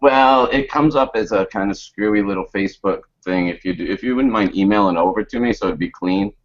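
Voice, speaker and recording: A man's voice: fairly low pitch, brisk. A man joining a casual video chat as a guest, easygoing and joking. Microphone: video call. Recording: muffled lo-fi web stream.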